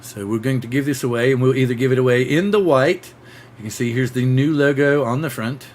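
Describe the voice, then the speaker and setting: A man hosting a casual live-streamed drone show, excitable and rambling, full of restarts and acted-out sound effects. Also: mid-range voice, a little fast, slight background noise.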